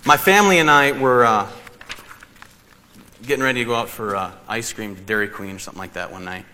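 A man preaching in a church hall, his voice bright and forward with a long reverb tail behind it. He tells stories with lively, animated energy and often laughs as he talks. Faint room ambience sits underneath. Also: mid-range voice, a little fast, long pauses, a little hiss or hum. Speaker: pastor. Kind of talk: sermon with personal storytelling.

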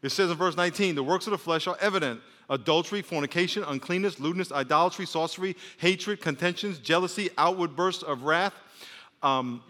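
A man's voice: on the high side, fairly quick, bright, forceful tone, long reverb tail. A man, a pastor, preaching a sermon with call-and-response and joking asides. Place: church sanctuary.

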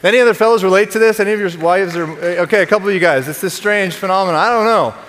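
A man in his thirties delivers a sermon with a high, bright-pitched voice. He speaks conversationally, repeating words when he restarts and joking with the congregation. The sound carries a long echo from a large church hall. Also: rapid-fire. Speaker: pastor. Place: church sanctuary.

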